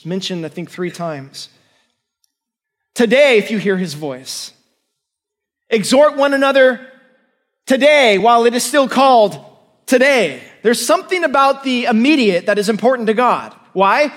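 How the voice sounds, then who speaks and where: A male pastor preaching a sermon in an earnest, emphatic way, often asking his listeners questions. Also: sits high. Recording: long hall reverb.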